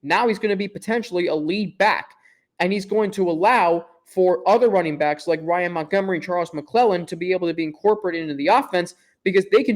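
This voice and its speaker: High-voiced emphatic young male podcaster. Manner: confident, emphatic, self-deprecating asides. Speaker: podcast host. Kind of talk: opinionated sports podcast talk.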